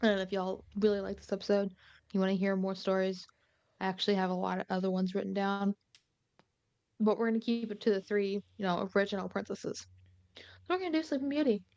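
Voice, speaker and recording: A woman co-hosting a podcast who talks in a relaxed, conversational way with casual fillers. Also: medium pitch, fast talker, dry recording, lo-fi sound. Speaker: podcast co-host.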